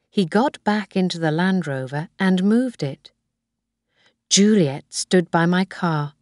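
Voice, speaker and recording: A woman narrating a graded reader story in a slow, clear, careful way. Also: low voice, darkish tone, no room sound, clean studio sound. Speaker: audiobook narrator.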